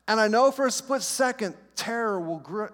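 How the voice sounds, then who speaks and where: A middle-aged man, a pastor, preaching a sermon with dramatic pauses and repeated reassurances. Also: sits high, lively intonation, fairly bright tone. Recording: long hall reverb.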